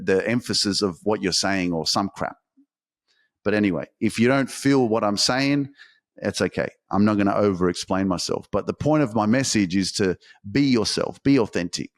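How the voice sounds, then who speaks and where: Fired-up swearing motivational man. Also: on the low side. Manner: intense, profane, emphatic. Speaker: podcast host. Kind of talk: motivational monologue.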